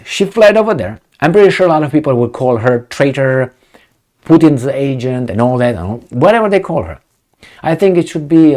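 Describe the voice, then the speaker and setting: A man's voice: mid-range voice, darkish tone. A man giving casual solo commentary, talking in a conversational, digressive way and asking questions as he goes.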